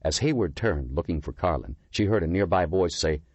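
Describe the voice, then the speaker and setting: A male narrator with a very deep, husky voice reads a thriller audiobook with an animated, rising and falling delivery. The recording is close and completely dry. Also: a little fast, dry recording. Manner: dramatic storytelling.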